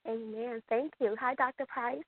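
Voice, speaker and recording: An excited woman from Michigan calls in and rambles, stumbling into restart after restart. Her voice comes through a dry, tinny phone line with no room sound. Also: on the high side, moderate pace, no echo. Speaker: caller. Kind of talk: emotional call-in chat.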